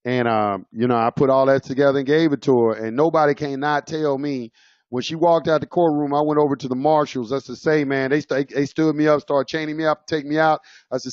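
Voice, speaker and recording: A man's voice: mid-range voice, steady tone, a little fast, a little mellow, no room sound. A man telling a story in a casual, rambling way, with loose phrasing and frequent restarts. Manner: rambling, loose and conversational, many fillers and restarts. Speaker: presenter. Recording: dull lo-fi audio.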